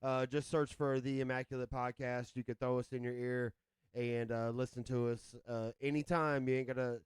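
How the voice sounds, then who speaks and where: A man co-hosting a podcast, relaxed and joking as he plugs the show. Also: medium pitch, normal speed, smooth, dry recording. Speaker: podcast co-host. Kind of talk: casual podcast chat.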